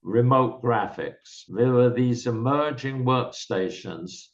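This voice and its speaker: Older guy calmly explaining how stuff worked back then, mid pitch, kinda dull lo-fi sound. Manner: measured, explanatory storytelling. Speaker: guest, software founder. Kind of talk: candid reminiscing interview. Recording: slightly dull lo-fi recording.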